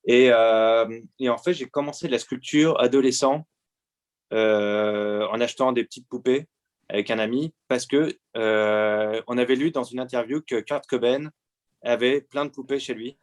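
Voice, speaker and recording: A man in his forties from France speaks as a guest artist, his voice sitting at an ordinary middle pitch. He answers questions hesitantly, pausing and filling gaps as he searches for words. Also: fairly even intonation. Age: 40s. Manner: hesitant, many pauses and fillers.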